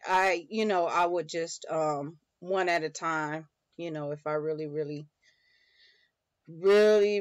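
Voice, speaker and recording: Speaking in a low-pitched voice, a woman who vlogs about homeschooling chats casually with viewers from her schoolroom at home, rambling, full of fillers and restarted sentences. The audio is dry, dull and lo-fi.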